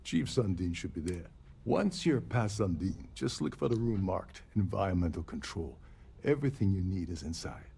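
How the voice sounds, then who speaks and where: Deep gravelly game crewman. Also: sing-song, moderate pace, warm tone, exaggerated voice. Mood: explaining. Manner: briefing, matter-of-fact. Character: calm adult male ship crew officer. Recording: game audio under faint music.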